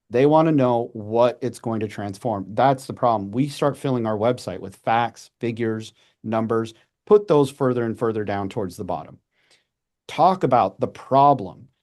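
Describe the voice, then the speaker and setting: Podcast guest, man in his 40s, warm mellow tone, chatty and animated, restarts often. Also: mid-range voice. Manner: animated, with quick restarts and acted-out asides. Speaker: podcast guest, messaging coach. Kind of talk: casual conversational advice.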